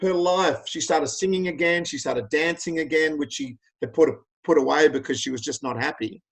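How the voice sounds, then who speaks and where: An Australian man in his fifties talks as a podcast guest, his voice sitting a little higher than most men's. He speaks in a blokey, plain-spoken way, earnest and open as he tells personal stories. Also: normal speed, vocal fry, rough recording. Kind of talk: candid interview storytelling.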